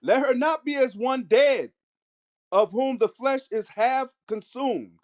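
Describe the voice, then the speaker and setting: High-voiced man reading scripture slowly. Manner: measured, slows on key phrases. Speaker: scripture reader.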